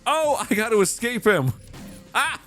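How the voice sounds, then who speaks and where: Excitable guy doing let's play commentary, swears a lot, voice jumps all over. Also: very high voice, a little slow, soft background music. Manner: excitable, swears and laughs while playing. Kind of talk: casual gameplay commentary.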